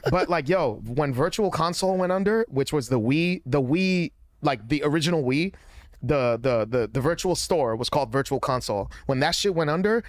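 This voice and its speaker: A man's voice: a little high, expressive, normal speed, no echo. A man in his thirties co-hosting a podcast, telling long, rambling stories in casual chat. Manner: long-winded, rambling storyteller. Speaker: podcast co-host.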